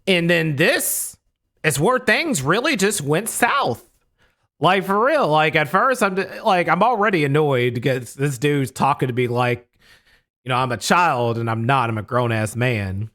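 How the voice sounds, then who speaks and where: A man's voice: a little high, lively intonation, normal speed, sharp tone. A young man casually telling a story to camera, emphatic and profane, often repeating himself. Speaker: storytelling YouTuber.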